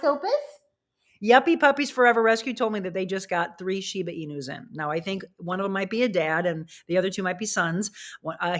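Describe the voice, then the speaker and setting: This middle-aged livestream host keeps up a rambling, chatty conversation with viewers, breaking off to speak to her dogs. She has a fairly low-pitched voice with a somewhat bright tone.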